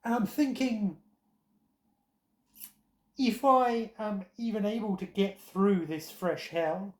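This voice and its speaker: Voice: medium pitch, slow, roomy sound. A tired vlogger giving rambling, sardonic commentary with self-mocking asides, short on sleep.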